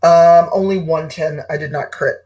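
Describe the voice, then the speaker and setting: A woman playing a tabletop role-playing game, talking in an unhurried, hesitant way and speaking in character. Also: low voice, steady tone, dark tone, faint music behind. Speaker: player. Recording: distant mic.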